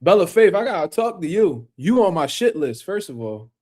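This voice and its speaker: A man's voice: high-pitched, very animated, moderate pace, a little mellow. A man hosting a casual boxing livestream, talking loosely in slang and speaking to viewers in the chat.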